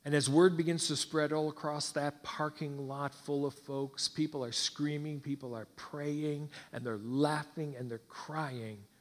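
A man preaching, telling a dramatic story in slow, hushed, intense phrases. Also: a little high, steady tone, in a large hall. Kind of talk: sermon storytelling.

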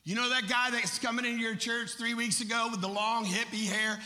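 A male preacher with a high, very bright voice delivers an impassioned sermon. His emphatic preaching carries a long reverb from a large hall. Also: flat delivery, brisk. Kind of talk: sermon storytelling.

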